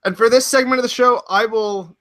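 A man hosting a casual podcast, giggly and animated, on a close mic. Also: very high voice, fairly quick. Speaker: podcast host.

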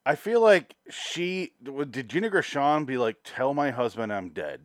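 A man co-hosting a casual movie-review chat with sardonic, deadpan jokes and some swearing. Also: medium pitch, measured pace, dry recording, clean studio sound. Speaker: podcast co-host.

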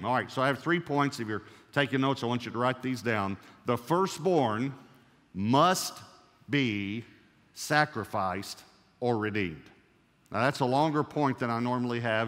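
A man preaching from the pulpit, reading scripture aloud and hammering his main points by repeating them. His voice sits at an ordinary middle pitch for a man. The sound carries the long reverb of a large church hall. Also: fairly bright tone. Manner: emphatic, repeats key phrases, reads scripture aloud. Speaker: pastor. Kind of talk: sermon.

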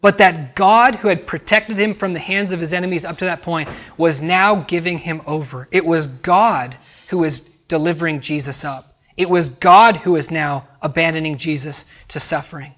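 A man preaching a sermon as a pastor, emphatic, swinging from loud declarations to quiet drops at phrase ends. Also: on the high side, moderate pace, lo-fi sound. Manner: emphatic preaching, rising and dropping to near-whisper.

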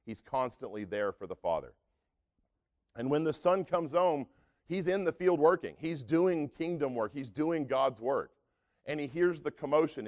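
A man preaching a sermon in a relaxed, folksy, conversational way, often using casual fillers. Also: mid-range voice.

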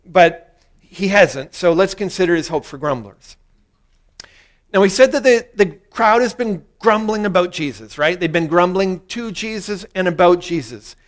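Earnest high-voiced male preacher. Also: normal speed. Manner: earnest, leads congregation in spoken prayer. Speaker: pastor. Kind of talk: sermon.

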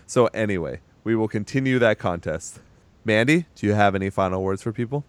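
Smooth-voiced laughing podcast host man. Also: on the low side, a little fast, no room sound. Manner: joking, laughs often. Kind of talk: casual chat.

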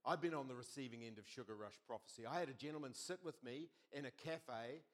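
A middle-aged man preaching a sermon as pastor, telling stories with lively quoted voices. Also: medium pitch, fast talker. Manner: animated storytelling with quoted voices.

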